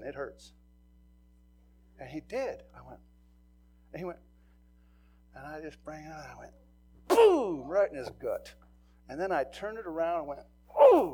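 A middle-aged man preaches to his church, his voice sitting a little on the high side. He tells stories, rising into loud bursts and then dropping to a hushed near-whisper. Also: breathy edge. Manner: storytelling, swings from loud to hushed. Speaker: pastor. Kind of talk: sermon.

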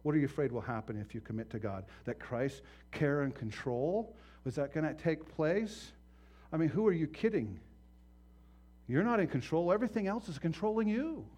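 A man preaching a sermon as pastor, impassioned and swinging from hushed to loud, acting out voices in his stories. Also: on the high side, lively intonation, moderate pace.

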